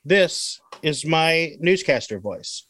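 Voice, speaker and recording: A man's voice: a little high, expressive, slow, a bit bright, no room sound. A man hosting a casual podcast, reading odd news stories aloud with crude joking asides.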